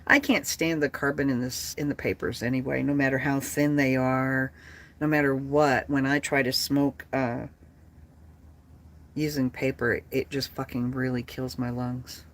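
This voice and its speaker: A woman's voice: very deep voice, little pitch movement, a little slow. A woman in her late fifties chatting bluntly and profanely with livestream viewers. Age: 50s. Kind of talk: casual livestream chat.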